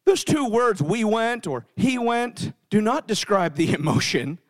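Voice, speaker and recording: A man's voice: high voice, very animated, a little slow. A middle-aged man preaching a sermon and telling a family story, speaking emphatically and often repeating words as he starts sentences. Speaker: pastor.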